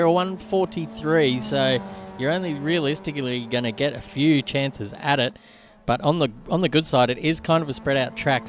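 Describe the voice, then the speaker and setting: A man giving chatty, quick live commentary on a sim racing qualifying session. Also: medium pitch. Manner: chatty, quick, laughs along.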